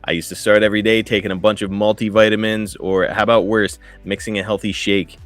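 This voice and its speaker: A man's voice: lowish voice, level tone, a little fast, fairly bright tone, dry recording, faint music behind. A man in his thirties co-hosting a podcast, chatting casually and enthusiastically. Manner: casual, enthusiastic, uses "dude" and "guys". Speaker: podcast co-host. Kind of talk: podcast ad read and interview.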